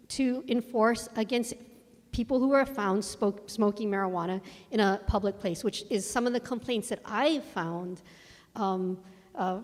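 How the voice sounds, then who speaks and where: A woman, a state legislator, explaining a measure in floor debate in a measured way. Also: mid-range voice, darkish tone. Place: large legislative chamber. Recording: long chamber reverb.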